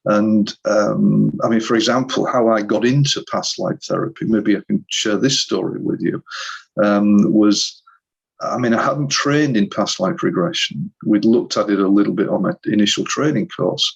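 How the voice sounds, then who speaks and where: Gravelly middle-aged storyteller. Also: male voice, fairly low pitch, normal speed, dull audio. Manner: animated storyteller who re-enacts scenes, with frequent restarts. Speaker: hypnotherapist guest. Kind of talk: storytelling in a conversational interview.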